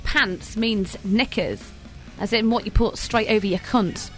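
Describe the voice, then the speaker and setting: A woman's voice: medium pitch, measured pace, faint music behind. A woman co-hosting a crude comedy podcast, blunt and giggly. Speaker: podcast co-host.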